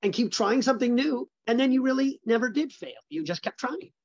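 A forceful, emphatic man retells his own story as an interview guest, doubling up words to hammer a point. The sound is dry and close, with a slightly dull, muffled top end. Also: very high voice, lively intonation, a little fast, dry recording. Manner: emphatic, repeats words for stress. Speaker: business founder guest.

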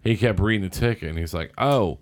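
Chill southern indiana guy, lowish voice, rambly storytelling. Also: fast talker. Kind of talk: casual storytelling chat.

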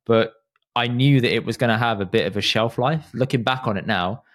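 A man's voice: mid-range voice, brisk, fairly bright tone. A man hosting a podcast, talking in long, reflective run-on thoughts in a casual chat. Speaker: podcast host.

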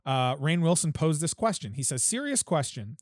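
A man's voice: a little high, sing-song, dry recording, clean studio sound. A man hosting a casual podcast, joking with friends and steering the topics. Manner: jokey, quick, leads the topics. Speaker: podcast host.

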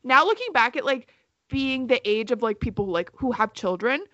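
A woman's voice: on the high side, animated, moderate pace, fairly bright tone, no room sound, muffled recording. A young woman chatting casually with a friend, playful and teasing, laughing often. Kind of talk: casual chat.

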